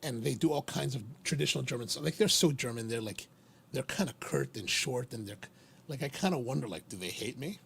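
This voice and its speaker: A man's voice: mid-range voice, fairly quick, gravelly, husky. A man hosting a live stream, chatting casually in a rambling, repetitive way. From Maryland, USA. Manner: rambling, chatty, lively with repeated phrases. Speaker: livestream host.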